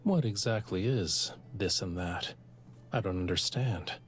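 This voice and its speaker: A woman voicing a teasing, languid male sea god from a game, reading his lines slowly with sly mock innocence. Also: rumbling low, slightly rough, voice pushed down, full character voice. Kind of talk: reading game dialogue aloud.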